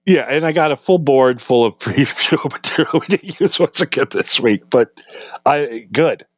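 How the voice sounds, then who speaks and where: A man's voice: medium pitch, expressive, normal speed, no echo. A man co-hosting a comedy podcast in casual banter, rambling and laughing often as he acts out quotes. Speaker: podcast co-host. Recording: dull, slightly muffled sound.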